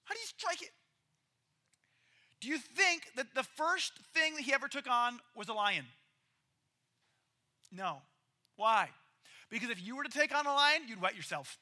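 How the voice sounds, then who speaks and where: A man preaching a casual, story-driven sermon in a lively, conversational way. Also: very high voice, moderate pace, long pauses. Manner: lively, conversational, acts out quoted characters.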